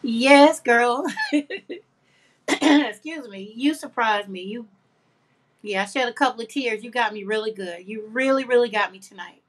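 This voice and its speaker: A woman's voice: a little high, measured pace, pauses often. A woman hosting a craft livestream, chatting casually and affectionately with viewers, reading their comments aloud and laughing often.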